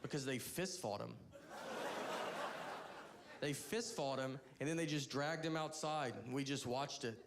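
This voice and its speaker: A man's voice: mid-range voice, unhurried, pauses often, heavy background noise. Rambling male stand-up comic. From American South. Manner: rambling, self-interrupting storytelling. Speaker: stand-up comedian. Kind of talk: stand-up comedy routine.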